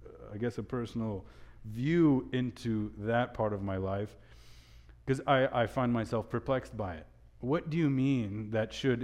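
A young man giving a sermon with a personal story, telling it in an animated way with many restarts. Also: mid-range voice. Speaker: speaker at a church gathering.

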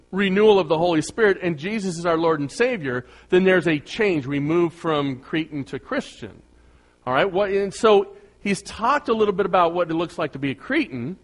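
A middle-aged male pastor delivers a sermon with a slightly high-set voice. He keeps it loose and conversational, teasing the congregation with sarcasm. He climbs into loud, emphatic bursts on his main points.

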